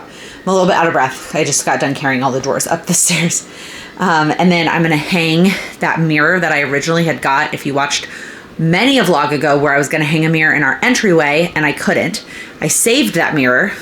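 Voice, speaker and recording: A woman's voice: low-pitched, fairly bright tone, a little hiss or hum. A young woman vlogging from home in a casual chatty way, with lots of likes and ums. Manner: chatty, filler-heavy, with frequent likes and ums. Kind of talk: casual chat to camera. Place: at home, indoors.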